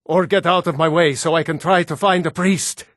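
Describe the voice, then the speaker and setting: A man voicing blunt gruff Nord men. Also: fairly high pitch, steady tone, normal speed, fairly bright tone, no echo, studio quality, natural voice. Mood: pleading. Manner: blunt, plain-spoken. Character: assorted gruff adult Nord men of a fantasy game. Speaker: video game voice actor. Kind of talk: game voice lines.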